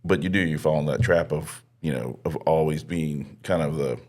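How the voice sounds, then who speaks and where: A low-pitched man joins a podcast discussion. He speaks reflectively and in halting phrases, circling back as he works out what he means. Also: darkish tone. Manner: thoughtful, halting, with fillers and restarts. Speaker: podcast co-host.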